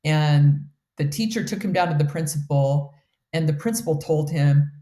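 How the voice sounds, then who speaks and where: A woman's voice: low voice, moderate pace, dark tone, roomy sound. A middle-aged woman telling her life story as an interview guest, earnest and heartfelt, with many fillers. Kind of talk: emotional personal storytelling.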